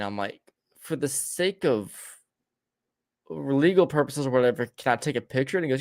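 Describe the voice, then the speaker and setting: A man's voice: medium pitch, lively intonation, a little fast. A man co-hosting a podcast, telling a long story in a casual way, often stumbling, repeating words and restarting. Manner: laughs between lines. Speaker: podcast co-host.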